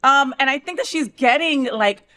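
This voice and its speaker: A woman's voice: sits high, moderate pace, bright, forceful tone. A woman from New Jersey hosting a show in casual, joking chat. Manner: chatty, joking, bubbly. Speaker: host.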